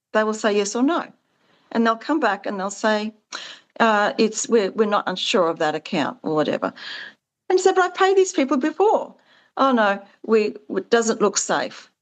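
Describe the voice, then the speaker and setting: A woman guest in a conversational interview, talking about her work with earnest conviction. Her pitch sits mid-range for a woman, and she bounds up high when acting out what others said to her. She talks in long, winding stretches, often restarting her sentences. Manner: earnest, animated, acts out quoted exchanges with sharp rises in pitch. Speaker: guest, founder of a farming support business.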